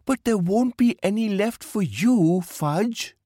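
A man's voice: high voice, slow pace, no room sound, studio quality, pitched above the performer's own voice, exaggerated voice. A man voicing an eager little girl who longs for cake, in a storybook reading. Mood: dreamy. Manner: squealing, breathless excitement.

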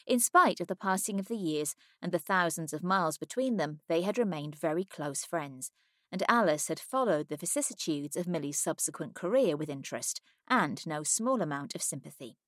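A woman narrating an audiobook in a measured, even storytelling manner, close to a studio mic. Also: on the low side, no room sound. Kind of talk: scripted narration.

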